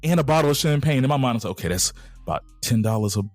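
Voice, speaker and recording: A man co-hosting a podcast, casually retelling a personal story in a relaxed, conversational way. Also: mid-range voice, very fast, faint music behind. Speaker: podcast co-host.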